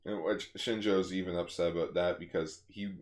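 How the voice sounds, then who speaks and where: A man co-hosting a podcast in casual chat, relaxed, explaining plot points with hesitant restarts. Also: sits low, moderate pace. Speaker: podcast co-host.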